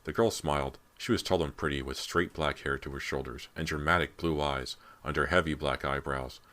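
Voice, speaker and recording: A man reading a teen horror novel as audiobook narrator, in a steady, measured way. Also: very deep voice. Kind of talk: scripted narration.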